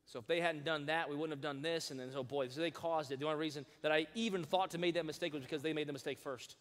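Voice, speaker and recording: A man's voice: fairly high pitch, quick pace, hardly any pauses. Man preaching in a reverberant church. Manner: animated, coaxing the congregation to repeat phrases aloud; reads scripture in old-fashioned wording with rising emphasis. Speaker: pastor. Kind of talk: sermon. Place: large church sanctuary. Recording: long hall reverb.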